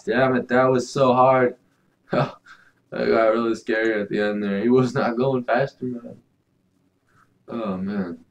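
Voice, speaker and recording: A young man giving loud, swearing let's play commentary, swinging between shouts and mumbles. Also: sits high, gravelly, low-quality recording. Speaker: gaming YouTuber.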